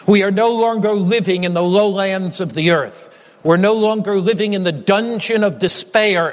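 Brief: male preacher with a high voice, emphatic sermon delivery full of repetition and stories, long reverb of a large hall. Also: fairly bright tone. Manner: emphatic, builds through repeated phrases and storytelling.

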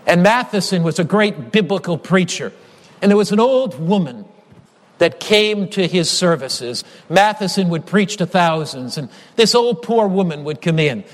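A male preacher with a high-pitched voice delivers a sermon in an emphatic, repetitive cadence. His words echo with a long reverb, like a large church sanctuary. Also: expressive, moderate pace. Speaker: pastor.

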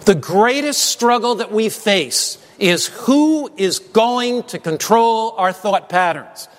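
A man's voice: high voice, expressive, slow. A man preaching a sermon, emphatic and prompting the congregation to call back answers. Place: church sanctuary. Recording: long hall reverb.

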